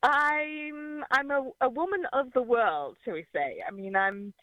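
A woman's voice: high-pitched, unhurried, no room sound. An older woman from London with an English accent, calling in to a radio show, chatty and laughing often, trailing off mid-sentence. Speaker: caller. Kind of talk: radio call-in chat. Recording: tinny phone line.

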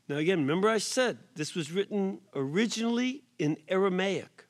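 A man, a priest, giving an emphatic sermon in a prison, rising to loud accents and sometimes dropping to a whisper. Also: expressive. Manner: slow, emphatic preaching with sudden rises in pitch and volume; drops to a soft whisper for effect. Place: prison chapel or hall.

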